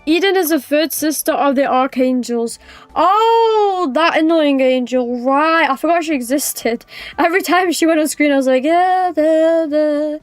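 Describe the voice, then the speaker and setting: With soft music in the background and no room echo, a young British woman livestreams at a moderate pace, her voice sitting high. She rambles, teases viewers, and laughs easily in casual chat.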